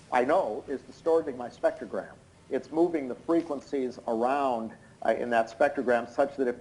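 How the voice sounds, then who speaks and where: A hoarse, tired man giving expert courtroom testimony over a video call, explaining in an unnaturally loud voice with many hesitant fillers. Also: mid-range voice, rough recording. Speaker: expert witness. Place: indoors in London at night.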